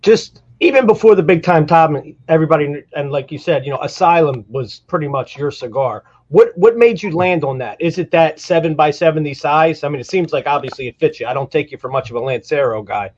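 A male host asking a guest quick, informal questions in a casual chat. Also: on the high side, darkish tone. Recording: dull, lo-fi sound.

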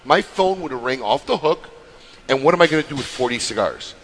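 Fast, lively man with a shop. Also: mid-range voice, a little hiss or hum. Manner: animated storyteller who acts out others. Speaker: cigar shop owner. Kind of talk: casual chat.

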